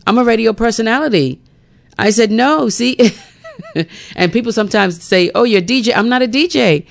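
A woman's voice: on the high side, lively intonation, normal speed, vocal fry. A woman morning radio host chatting casually on air and often laughing at herself.

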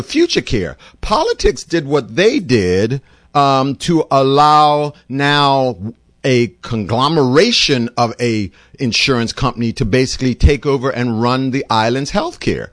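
In a studio-quality recording with no echo, a male doctor and show host from Bermuda rambles passionately through an opinionated monologue, his pitch rising and falling dramatically.

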